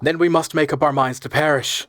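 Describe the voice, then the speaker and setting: A man's voice: fairly high pitch, steady tone, fairly quick, fairly bright tone, no room sound, clean studio sound, voice pushed up, lightly acted. A man voicing a desperate young nephew who speaks urgently and pleadingly.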